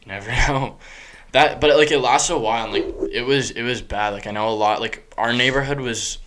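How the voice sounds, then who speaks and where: A man's voice: mid-range voice, a little fast, a bit bright, a little hiss or hum. Young man rambling casually. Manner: rambling, heavy use of "like". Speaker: podcast host. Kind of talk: casual chat.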